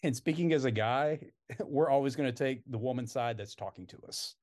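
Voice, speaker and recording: Young male podcast co-host, relaxed chatty delivery, filler-heavy. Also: medium pitch, fairly quick. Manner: laid-back, many fillers and laughs. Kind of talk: casual chat.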